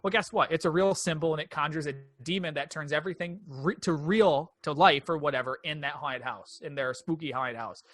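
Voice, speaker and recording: A man co-hosting a podcast, talking in lively casual chat with a bright, fairly high voice. He retells scenes animatedly, and the sound is dry and close. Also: fairly quick, few pauses, no room sound. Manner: animated storytelling, acting out quoted lines. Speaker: podcast co-host.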